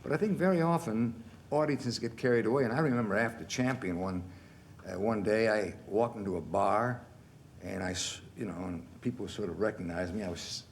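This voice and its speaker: A man's voice: on the low side, brisk. Guy in his 60s spinning funny stories on a tv talk show, laughs a lot, slight background hiss. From United States. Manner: animated anecdotes, laughing through punchlines. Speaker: guest actor. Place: television studio.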